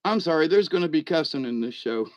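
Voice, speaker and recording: A man's voice: on the high side, lively intonation, fast talker, no room sound. Rambling folksy man. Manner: rambling, folksy, chuckling at his own jokes. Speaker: vlog host. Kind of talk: irreverent comedic monologue.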